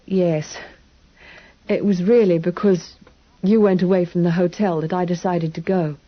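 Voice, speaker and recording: A woman reading an audiobook, voicing a frightened, hungry young English boy who talks quickly and anxiously. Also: fairly low pitch, steady tone, muffled recording. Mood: recounting. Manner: quick, anxious, breathless questioning.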